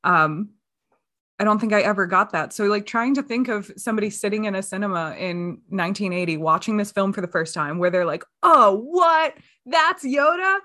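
A woman's voice: medium pitch, a little fast, fairly bright tone. A young woman co-hosting a podcast, chatting casually about a film, giggling and apologetic. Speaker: podcast co-host.

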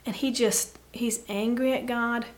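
A woman guest giving an earnest, reflective faith talk, often dropping to a soft hush. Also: a little high, steady tone, measured pace. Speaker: podcast guest.

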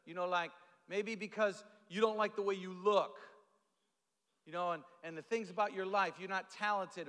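A preacher with a high, bright voice speaks to his congregation in a loose, conversational way. He stumbles, repeats words and drops in little asides as he goes. His voice rings out with a long echo in a church hall. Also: smooth. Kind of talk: conversational sermon. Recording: echoey hall.

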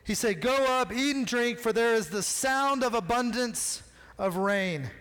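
High-voiced pastor in a reverberant hall. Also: male voice, a little slow, clean tone. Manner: animated storytelling, acting out dialogue in a casual modern voice. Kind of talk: sermon. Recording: long reverb of a large hall.

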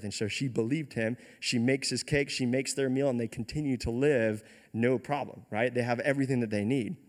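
A man's voice: medium pitch, fairly even intonation, brisk, hardly any pauses. A man preaching a casual retelling sermon, conversational and often checking in with "right?". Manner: conversational, keeps asking "right?". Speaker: pastor.

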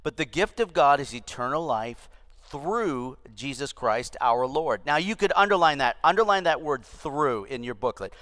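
A man's voice: medium pitch, lively intonation, normal speed, fairly bright tone. An older man, a pastor, teaching a discipleship class with emphatic repetition, in an echoey church room. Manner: emphatic, repeats key phrases.

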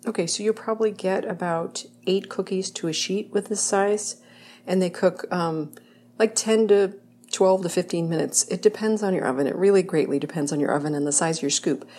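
Woman, lowish voice, casual home-kitchen baking host, rambling and self-correcting. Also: fairly quick, dark tone, a little hiss or hum.

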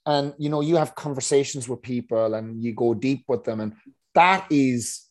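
A man hosting a podcast in a relaxed chat, swearing casually. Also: mid-range voice, moderate pace. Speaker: podcast host.

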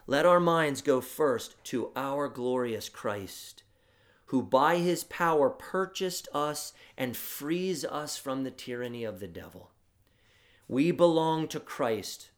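Slow, emphatic preaching man. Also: mid-range voice, animated. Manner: emphatic preaching, rising to stress points. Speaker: pastor. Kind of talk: sermon.

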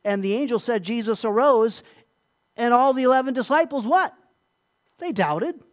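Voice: medium pitch, expressive, moderate pace. Emphatic pastor preaching a sermon. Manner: emphatic, repeats words, asks listeners questions.

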